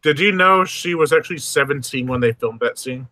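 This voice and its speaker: A man's voice: medium pitch, a little fast, sharp tone, poor audio. A man co-hosting a casual watch-along chat, cracking jokes and laughing along. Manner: joking, wisecracking. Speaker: co-host.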